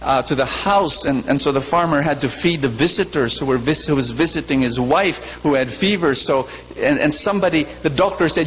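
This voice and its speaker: A slightly high, slightly bright male voice moves a little fast with hardly any pauses. Preaching in a large church, he repeats phrases, questions listeners, and tells a fable, amid long reverb and faint hum.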